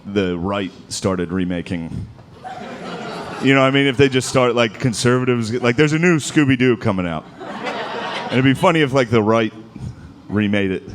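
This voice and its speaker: A man in his thirties doing a live stand-up set, with a loose, rambling delivery full of "like"s and quick impressions. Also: medium pitch, slight background noise. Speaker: stand-up comedian. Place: comedy venue with a laughing audience.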